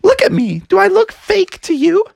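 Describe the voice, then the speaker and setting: A man's voice: extremely high pitch, huge pitch swings, moderate pace, gravelly, darkish tone, dry recording, voice pushed up, exaggerated voice. A man voicing a cheerful, curious sixteen-year-old mermaid girl. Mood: playful.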